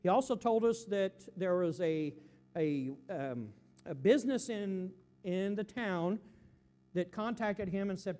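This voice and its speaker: Preacher guy telling a church story, folksy, gets all excited, lots of uh and amen?. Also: high voice, unhurried. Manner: folksy, excitable, with many fillers and restarts; calls to the audience for amens. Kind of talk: sermon storytelling.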